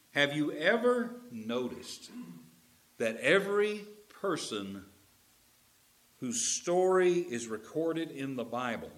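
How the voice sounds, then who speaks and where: A man preaching a sermon as pastor, animated, with folksy asides to the congregation. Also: medium pitch.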